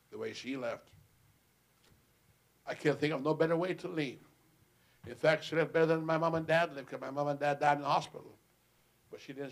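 A man pastor preaching a sermon in a church, telling a story, dropping to a hush and rising to loud exclaiming, with frequent amens and hallelujahs. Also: vocal fry. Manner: swings from loud exclaiming to quiet low storytelling; punctuates with "amen" and "hallelujah".

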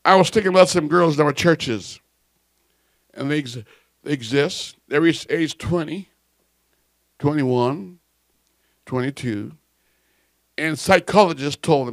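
A male preacher in a church delivering a fiery sermon on microphone, shouting emphatic lines and telling stories with playful asides. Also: mid-range voice, moderate pace, long pauses, no room sound.

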